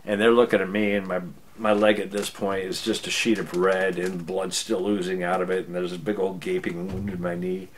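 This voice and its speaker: A man's voice: low-pitched, little pitch movement, a little fast, slight background noise. An American man telling a personal story in a wry, self-deprecating, casual way. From United States.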